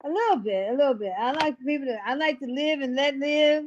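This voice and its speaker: A woman guest talking casually, giving frank opinions with 'um' pauses. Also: high voice, muffled recording. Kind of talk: casual chat.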